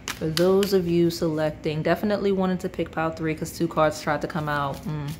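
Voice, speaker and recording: Low-voiced chatty woman reading tarot. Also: fairly even intonation, brisk, a little hiss or hum. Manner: chatty and rambling, many fillers and asides. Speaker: tarot reader. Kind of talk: casual pick-a-card tarot reading to viewers.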